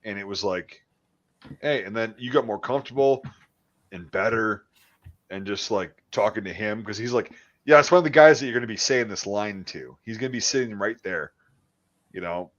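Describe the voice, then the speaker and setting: A man casually chatting as a podcast host, swearing often and trailing off into quiet mumbles. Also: lowish voice, moderate pace, lo-fi sound. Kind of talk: casual chat.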